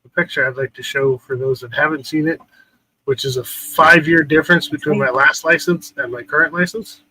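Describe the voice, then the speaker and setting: A man's voice: a little high, steady tone, fairly quick, sharp tone, husky, dry recording, rough recording. A man chatting as a guest, with wry self-deprecating humor. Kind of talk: casual chat.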